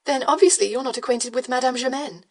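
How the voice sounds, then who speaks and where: A woman voicing a reserved young widow in an audiobook, cool and quietly amused. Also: high-pitched, fast talker, pitched above the performer's own voice. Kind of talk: audiobook character voice.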